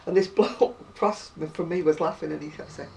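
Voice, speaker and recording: An older woman from northern England, a crochet vlogger, tells stories in a casual chat and laughs often. Her deep voice is gravelly and dark, a little fast. The mic is distant, with faint noise.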